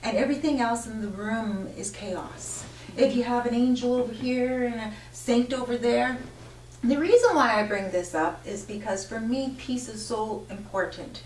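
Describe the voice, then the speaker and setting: A woman's voice: fairly high pitch, moderate pace. A woman life coach giving an informal spiritual talk to a live audience, telling stories animatedly and often correcting herself. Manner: animated storyteller, frequent self-corrections. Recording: echoey room, voice from far off, faint hum.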